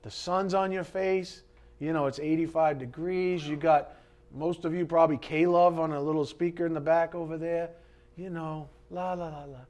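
A male pastor preaching a sermon in an animated, conversational way, joking with the congregation and swinging between loud emphasis and quiet asides. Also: fairly high pitch, normal speed.

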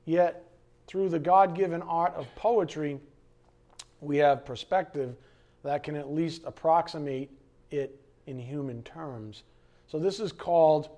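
Animated man preaching a sermon. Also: on the high side, unhurried. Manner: animated and conversational, with frequent asides. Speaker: pastor.

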